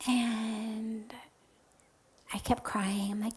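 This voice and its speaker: Speaking in a slightly high voice, a woman who teaches spirituality recounts a personal experience in a slow, reflective talk. She frequently drops to a breathy, almost whispered softness, then lifts her voice to emphasize important words.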